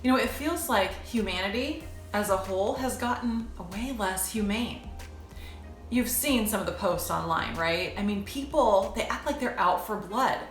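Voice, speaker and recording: A woman's voice: mid-range voice, lively intonation, moderate pace. Brief: woman, 40s, casual and conversational vlogger, roomy echo, faint music behind. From United States. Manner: conversational, addresses viewers as "you guys". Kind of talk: personal storytelling vlog.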